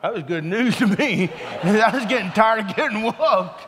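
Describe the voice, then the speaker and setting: A man preaching a sermon, telling a personal story in an earnest, storytelling way that turns hushed and emotional, then leading a prayer. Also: high-pitched, animated, normal speed, few pauses, long reverb tail.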